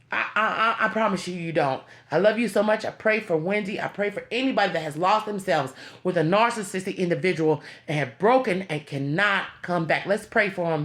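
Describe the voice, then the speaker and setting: A woman speaking to her viewers in an emotional, heartfelt motivational talk, pleading and repeating herself, close to tears. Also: mid-range voice. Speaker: vlogger.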